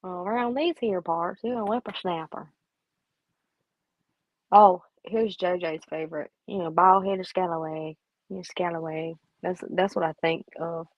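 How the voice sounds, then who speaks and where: A woman's voice: fairly low pitch, measured pace, dry recording. Chatty woman on a lo-fi livestream. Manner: chatty, playful, reads and answers chat. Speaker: livestream host. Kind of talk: casual live chat.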